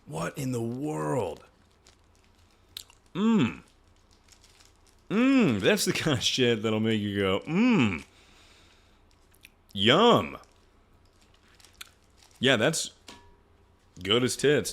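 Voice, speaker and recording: A man in his twenties streaming, ranting casually and profanely as he ranks things. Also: mid-range voice. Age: 20s. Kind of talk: casual livestream commentary.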